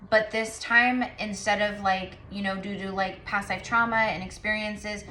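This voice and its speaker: Woman tarot reader, chatty and rambling, bright edge, echoey room. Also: medium pitch, fairly even intonation, normal speed, a little hiss or hum. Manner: rambling, many fillers, repeated affirmations. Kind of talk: casual spiritual reading to camera.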